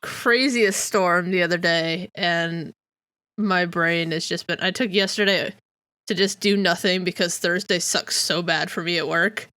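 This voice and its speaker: Slow, bright-voiced chatty woman host. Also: on the low side, dry recording. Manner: chatty, rambling with many fillers. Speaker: podcast co-host. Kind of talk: casual chat.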